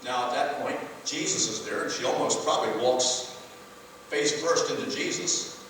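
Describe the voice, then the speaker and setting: A man's voice: moderate pace, a bit bright, slight background noise. Man preaching in an echoey far-off hall. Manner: conversational preaching, rises in pitch for emphasis. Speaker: pastor. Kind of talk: sermon.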